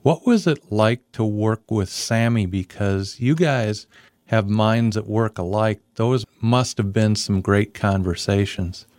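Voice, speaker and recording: A man hosting an interview, asking measured, prepared questions. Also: on the low side, darkish tone, no room sound, clean studio sound. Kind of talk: podcast interview.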